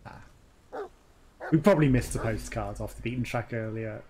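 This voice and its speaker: A man's voice: on the low side, moderate pace, pauses often, a crowd in the background. A man casually commenting on a game he plays, chatty and jokey and often laughing. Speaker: let's play host.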